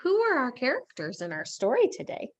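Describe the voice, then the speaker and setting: A woman teacher reading a story aloud in a lesson, expressive and asking questions. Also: high-pitched, fairly quick, dull audio.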